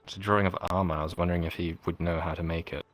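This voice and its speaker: A naive commoner voiced by a man with a very low voice. He speaks bluntly and crudely and trips over long words. The scene is a live fantasy roleplay. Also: little pitch movement, very fast, close to an everyday voice. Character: naive, plain-spoken male commoner, cold and blunt. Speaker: roleplay player.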